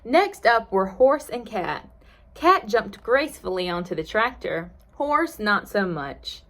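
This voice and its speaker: A woman librarian reading a picture book aloud at storytime, expressive, with playful asides to the children listening. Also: medium pitch, slow pace.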